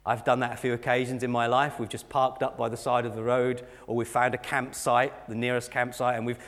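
A male pastor preaching a sermon to his church, earnest and building to a raised, fervent delivery. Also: medium pitch. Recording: long reverb of a church hall.

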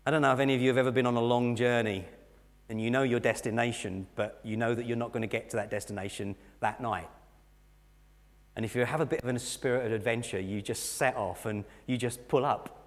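A man's voice: mid-range voice, steady tone, a little fast. A male pastor preaching a sermon to his church, earnest and building to a raised, fervent delivery. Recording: long reverb of a church hall.

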